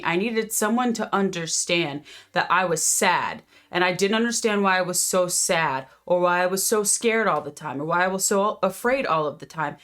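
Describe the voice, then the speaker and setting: A woman's voice: on the low side, a bit bright. Earnest woman host telling her story. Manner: earnest, conversational, frequent restarts. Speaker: life coach and channel host. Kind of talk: casual personal storytelling to camera.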